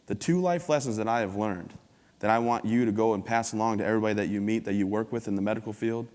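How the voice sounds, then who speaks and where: A man's voice: on the low side, quick pace, a little mellow. Upbeat joking man in a big hall. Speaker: keynote speaker. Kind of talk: humorous motivational talk. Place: large conference hall. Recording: long hall reverb.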